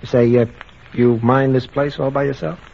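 An actor playing a smooth-talking young male swindler with a breezy, slangy, evasive way of talking, in old-time radio acting on a dull old broadcast recording. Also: mid-range voice, fairly even intonation, normal speed, darkish tone, a little hiss or hum, close to an everyday voice. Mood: wary charm. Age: young adult.

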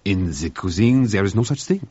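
A man voicing an excitable head cook, theatrical and emphatic in his denials, on a dull, dry lo-fi recording. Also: on the low side, normal speed, breathy edge, no room sound. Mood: indignant.

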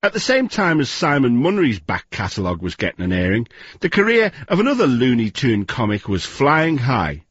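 A man narrates a radio programme in a husky voice, measured and wry, with lively swings of pitch. The studio sound is dry and slightly muffled. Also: no room sound. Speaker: radio presenter. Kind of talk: scripted narration.

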